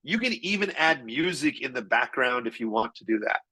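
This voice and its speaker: Poor audio captures a husky man of medium pitch demoing marketing tools live. He's energetic and chatty, and his pacing changes fast.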